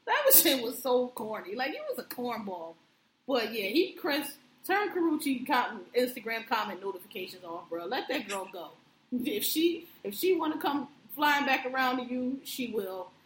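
A woman co-hosting a casual chat, blunt and animated, telling stories with acted-out quotes. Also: a little high, moderate pace. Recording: roomy with faint background noise.

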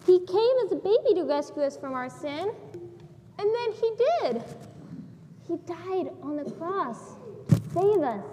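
A woman's voice: extremely high pitch, big pitch swings, measured pace, pauses often, mellow, long reverb tail, slight background noise. A woman giving a children's sermon in a church, animatedly asking the kids questions as she tells the story. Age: adult. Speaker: children's minister. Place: church sanctuary.

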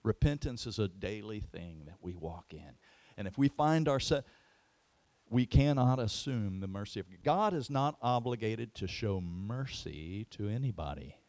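Animated storytelling male preacher. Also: fairly low pitch, measured pace, no echo. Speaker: pastor. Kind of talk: sermon.

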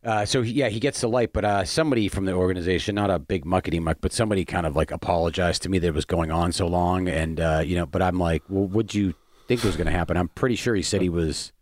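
Comedian guy telling a rambly story, kinda low voice, dry close sound. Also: steady tone, quick pace, few pauses, no room sound. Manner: rambling, lots of fillers and restarts. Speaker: stand-up comedian. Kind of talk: casual chat, telling a story.

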